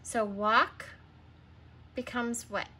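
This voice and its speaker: A woman's voice: on the high side, fairly even intonation, extremely slow, sharp tone, breathy edge. A woman teaching a recorded reading lesson to young children, sounding out words, spelling them letter by letter and patiently prompting answers.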